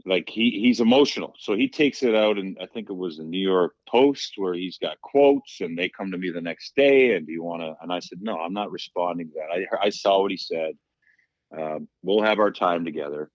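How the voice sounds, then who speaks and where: A man's voice: low voice, brisk, no echo, lo-fi sound. A man, a guest on a podcast, telling stories casually and acting out the lines of the people in them. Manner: animated storyteller, acts out quotes. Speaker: podcast guest, former hockey player. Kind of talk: casual storytelling.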